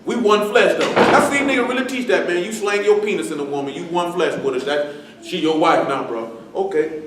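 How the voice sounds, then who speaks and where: A man's voice: high-pitched, brisk, crowd noise. A man preaching a sermon in loose street slang, joking and quoting people. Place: church assembly hall. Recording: echoey hall from far off.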